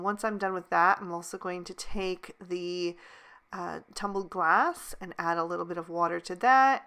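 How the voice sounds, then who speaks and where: Woman narrating a card-making tutorial, bright clear voice, easygoing step by step. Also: lowish voice. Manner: calm step-by-step explaining with fillers. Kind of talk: voice-over craft tutorial.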